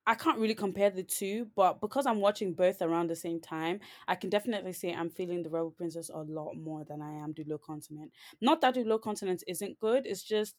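A woman's voice: fairly low pitch, fairly quick, few pauses. A woman co-hosting a podcast, chatting casually and rambling, with many "like"s and restarts. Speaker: podcast co-host. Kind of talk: casual chat.

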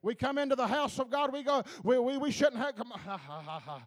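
A male preacher delivering a fervent sermon, halting with filler sounds, laughing and calling out to the congregation. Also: very high voice. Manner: fervent, repeats calls to the congregation, laughs between lines.

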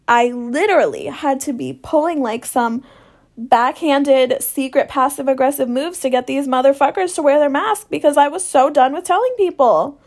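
A woman's voice: sits high, animated, normal speed, darkish tone. A young woman telling stories in a casual monologue, swearing freely and sarcastic in a ranting way. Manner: profane, sarcastic, rant-like.

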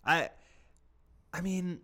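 A man's voice: sits high, very slow, sharp tone. A young American man chatting casually on a podcast, telling school stories with lots of swearing and laughter. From United States. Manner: profane, laughing storyteller. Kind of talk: casual chat.

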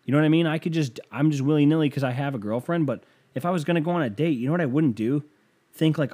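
Quick-paced and warm, this young man's voice sits on the high side as he hosts a podcast. He riffs through a loose comedic monologue, rambling wryly with many fillers.

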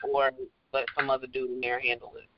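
A man co-hosting a casual podcast, joking and agreeable, answering quickly. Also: mid-range voice, monotone, heavy background noise. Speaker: podcast co-host. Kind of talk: casual political chat. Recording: dry, muffled lo-fi audio.

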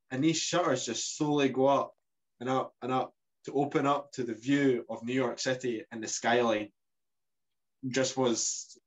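A man's voice: mid-range voice, poor audio. Rambling guy recalling a trip. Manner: rambling, many restarts and fillers. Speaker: podcast co-host. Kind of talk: casual travel chat.

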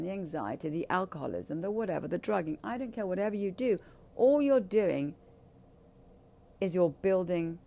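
A woman's voice: mid-range voice, creaky, warm tone. A woman speaking candidly in a blunt, profane and emphatic way. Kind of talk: candid casual talk.

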